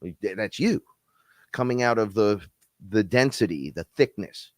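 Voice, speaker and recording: Deep-voiced, stuffy man rambling on a stream. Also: normal speed, no room sound, clean studio sound. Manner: animated, profane, laughs often. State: stuffy nose. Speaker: co-host of a spiritual live stream. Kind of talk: rambling live-stream talk.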